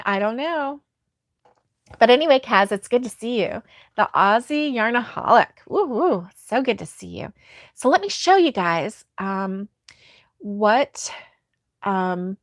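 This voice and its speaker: A woman's voice: medium pitch, no echo, studio quality. A woman hosting a casual crochet livestream, reading viewer comments aloud and laughing often. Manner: giggly, laughs often, soft-hearted.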